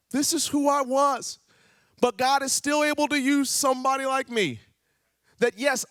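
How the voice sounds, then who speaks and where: A man from Ohio, a youth pastor, telling a personal story in a sermon and acting out the dialogue with lively swings in pitch. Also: no echo, studio quality. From Ohio, USA. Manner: animated, acts out dialogue with big pitch jumps. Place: church auditorium.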